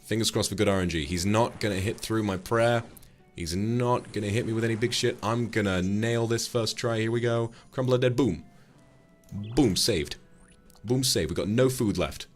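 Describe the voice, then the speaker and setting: Deep-voiced British male streamer. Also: normal speed, soft background music. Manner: profane, joking, animated. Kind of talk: live gaming commentary.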